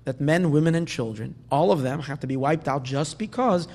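A man's voice: a little high, moderate pace, darkish tone. A man gives a Talmud lesson, in a slightly raised voice. He restarts his phrases often and keeps posing rhetorical questions. The sound rings with long hall reverb. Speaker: Torah teacher.

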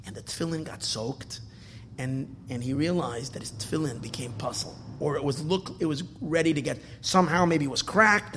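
A man, a rabbi, telling a story in a dramatic sermon style, swinging from shouts to hushed whispers. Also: on the high side, big pitch swings, normal speed, slight background noise. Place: hall at a Torah dedication. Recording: long echo of a hall.

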